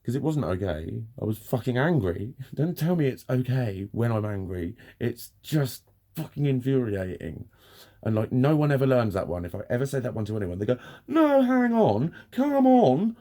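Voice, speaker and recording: A man's voice: mid-range voice, expressive, moderate pace, dark tone. A man in a candid vlog monologue, frank and ranting, swearing often as he vents. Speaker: vlogger.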